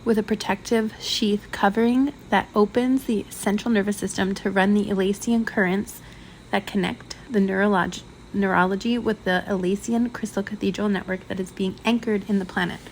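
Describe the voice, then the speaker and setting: A woman reading and commenting on a channeled spiritual transmission, speaking haltingly with many ums and likes and a slightly shaky voice. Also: medium pitch, steady tone, a little hiss or hum. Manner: halting, full of ums and likes, trips over words.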